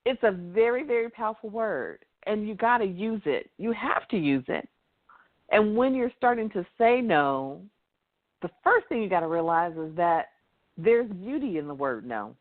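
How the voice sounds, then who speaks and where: A woman's voice: mid-range voice, big pitch swings, moderate pace. A woman guest speaker on a radio talk show, speaking in an emphatic, motivational way with lots of repetition. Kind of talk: casual call-in radio talk. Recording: tinny phone line.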